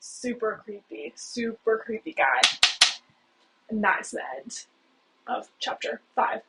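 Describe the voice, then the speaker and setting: Speaking slowly and expressively, this young female video host chats through a casual plot recap, constantly dropping "like" and "okay?". The recording comes from a cheap home mic, noisy, low-quality and full of clicks.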